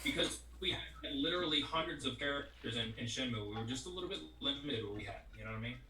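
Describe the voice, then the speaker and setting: A man's voice: medium pitch, animated, quick pace, sharp tone, a little hiss or hum. Rambling man, echoey distant sound. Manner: rambling, leans on "you know what I mean". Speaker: voice actor guest. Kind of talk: casual interview chat. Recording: echoey, distant mic, faint music.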